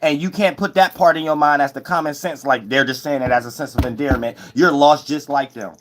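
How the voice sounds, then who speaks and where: A man's voice: fairly high pitch, steady tone, a little fast, background noise. Profane, scolding preacher man. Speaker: self-styled preacher. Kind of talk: late-night livestream sermon.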